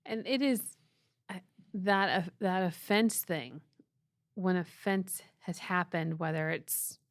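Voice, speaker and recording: A middle-aged woman with a fairly low voice co-hosts a faith podcast. She speaks earnestly and thoughtfully in a casual tone, recorded dry and close to the mic. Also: slow pace, no echo. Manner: earnest, thoughtful, with frequent filler restarts. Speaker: podcast co-host.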